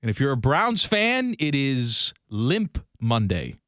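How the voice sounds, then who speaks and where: Teasing man on sports radio, lively voice. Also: mid-range voice, takes it slowly, no room sound, studio quality. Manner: teasing, deadpan jokes. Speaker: radio co-host. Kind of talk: casual sports radio banter.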